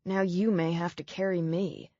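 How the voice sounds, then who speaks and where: A woman reading the lines of a wry, pained man in a gruff, low-key voice. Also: level tone, moderate pace, warm tone, dry recording, dull audio, lightly acted. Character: injured wisecracking man, dry and wheezing.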